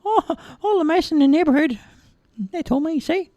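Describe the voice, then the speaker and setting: A squeaky, chatty little mouse. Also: male voice, animated, moderate pace, warm tone, dry recording. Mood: eager. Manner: squeaky, hesitant with many uhs. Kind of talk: storybook reading.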